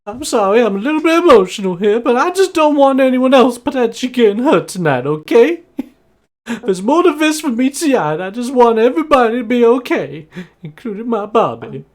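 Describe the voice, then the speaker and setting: A man voicing an emotional, motherly farm wife who pleads in a high, hurried voice. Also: very animated. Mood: pleading. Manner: high, pleading, fast-talking. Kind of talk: tabletop game character voice.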